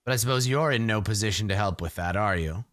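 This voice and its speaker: A man voicing an ancient blind village matriarch who taunts slowly and with menace. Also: on the low side, fairly bright tone, dry recording, studio quality, voice pushed down, natural voice. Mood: mocking. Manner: taunting, slow and drawn out.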